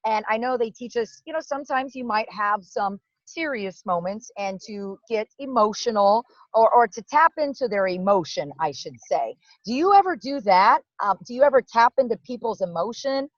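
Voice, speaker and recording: A woman's voice: on the high side, lively intonation, moderate pace, few pauses, no echo. A woman who hosts and coaches speakers, interviewing a guest on a video call in an upbeat way. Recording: dull lo-fi video-call audio.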